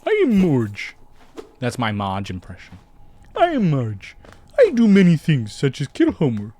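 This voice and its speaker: A man's voice: medium pitch, huge pitch swings, a little slow, dark tone. A man putting on a raised voice for a cartoon housewife and mother, mock-proud.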